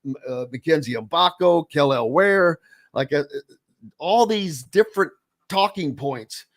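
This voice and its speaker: A man's voice: a little high, lively intonation, a little slow. A man hosting a sports radio show, chatting casually and animatedly with a guest.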